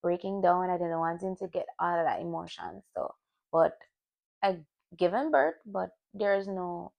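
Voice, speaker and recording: A woman's voice: lowish voice, moderate pace, vocal fry, a little mellow. A young woman talking candidly to camera, looking back on her year in a personal vlog. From Jamaican family. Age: young adult. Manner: candid, reflective, restarts. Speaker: vlogger.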